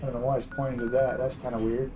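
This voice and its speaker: A man's voice: mid-range voice, little pitch movement, fast, music in the background, rough recording. A man giving rambling, casual commentary over his video game playthrough. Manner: rambling, many fillers and restarts. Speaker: gameplay commentator. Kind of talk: casual let's-play commentary.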